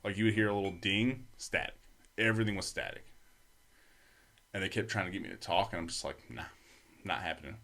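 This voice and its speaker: A man's voice: on the low side, steady tone, a little fast, long pauses, bright, forceful tone. A young man, a podcast guest, telling a story casually, full of swearing and fillers. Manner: profane, rambling, many fillers.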